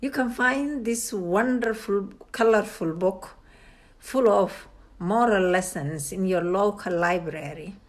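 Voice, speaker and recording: A woman hosting a channel, reading a children's picture book aloud in a slow, expressive way. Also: mid-range voice. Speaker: storybook reader, channel host. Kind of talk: children's read-aloud narration.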